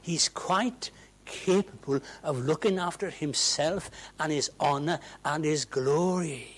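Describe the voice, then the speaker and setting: A man preaching a sermon in a church, swinging from hushed asides to loud, ringing proclamations. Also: a little high, takes it slowly, rough recording.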